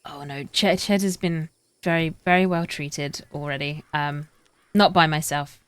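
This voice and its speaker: A British woman chatting in character in a roleplay stream, thinking out loud in a rambling way. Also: sits low, steady tone, unhurried, smooth, dry recording. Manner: rambling, talks her thoughts out loud.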